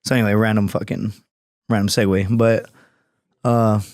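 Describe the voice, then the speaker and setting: A man's voice: lowish voice, normal speed, no echo, clean studio sound. Profane rambling former Marine man. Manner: profane, rambling, animated storyteller. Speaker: podcast guest, Marine veteran. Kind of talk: casual storytelling chat.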